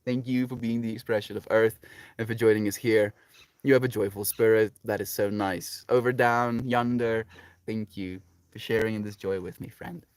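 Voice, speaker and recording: A South African man livestreaming from his farm garden, reading out viewer comments in relaxed, rambling casual chat. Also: on the low side, moderate pace, clean tone, no room sound. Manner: relaxed, chatty, many fillers like "like" and "you know". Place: home on a farm, outdoors in a garden.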